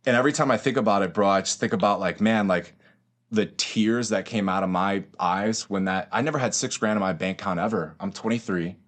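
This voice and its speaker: A young man in his twenties with a low voice tells his story as a podcast guest. He talks in loose slang, swears freely and keeps saying bro. It is casual, run-on storytelling. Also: fairly quick, a bit bright. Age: 20s. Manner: slangy and profane, says bro a lot.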